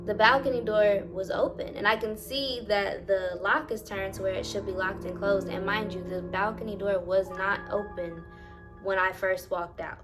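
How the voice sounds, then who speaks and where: Young woman vlogger, casual storytime narrator, dramatic and profane, middle pitch, faint music bed. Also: normal speed. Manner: dramatic, animated retelling that addresses viewers and swears freely. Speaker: vlogger telling a personal story.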